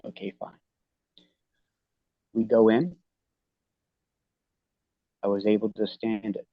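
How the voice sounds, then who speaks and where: A man as an interview guest, telling a personal story in a halting, earnest way with many restarts. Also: fairly low pitch, level tone, no room sound, phone-quality sound.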